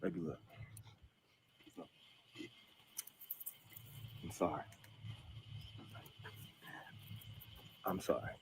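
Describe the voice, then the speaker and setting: A man playing a husband in a comedy skit, shouting his denials and then pleading softly with his wife. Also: sits low, very fast, gravelly, a little hiss or hum.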